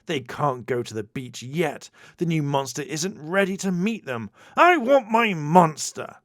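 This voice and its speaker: A man's voice: a little high, lively intonation, unhurried, a bit bright, no room sound, voice pushed up. Guy doing a shrieky evil empress, bossy, dry close mic. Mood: screeching. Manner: screeching, bossy.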